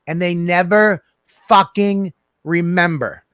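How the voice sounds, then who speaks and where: A man's voice: high voice, normal speed, no echo, studio quality. A man co-hosting a casual comedy podcast, telling crude stories and acting out the people in them. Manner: crude, animated storytelling with acted-out quotes. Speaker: podcast co-host.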